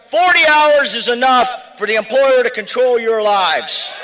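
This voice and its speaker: A man speaking for his union at an outdoor rally, shouting emphatic lists of demands. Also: very high-pitched, animated, measured pace, heavy background noise.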